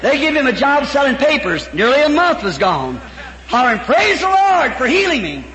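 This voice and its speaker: A man preaching a storytelling sermon before a congregation, fervent, breaking into shouts and chuckles. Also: very high voice, big pitch swings, normal speed. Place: large church hall before a congregation. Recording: echoey hall, faint background noise.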